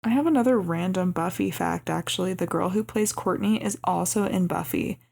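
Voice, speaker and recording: Animated young woman with a gravelly voice. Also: fairly low pitch, a little fast. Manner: animated retelling, acts out quoted lines. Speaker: podcast co-host. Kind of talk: casual movie recap chat.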